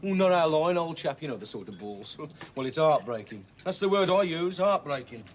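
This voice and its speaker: A man's voice: fairly high pitch, big pitch swings, normal speed, slight background noise. An aggrieved crockery salesman. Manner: aggrieved, chatty, mimics others. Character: complaining male crockery salesman.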